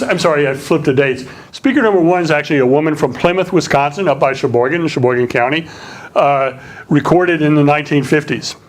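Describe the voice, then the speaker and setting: This is a public lecture by a linguistics professor, a man with a slight Southern accent and a voice on the high side, whose conversational delivery is filled with fillers and restarts.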